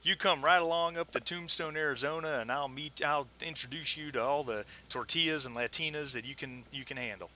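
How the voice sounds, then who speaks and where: A man's voice: on the high side, brisk, few pauses, bright, forceful tone, a little hiss or hum. A man voicing a jovial older cowboy gambler with a bushy mustache and a folksy drawl.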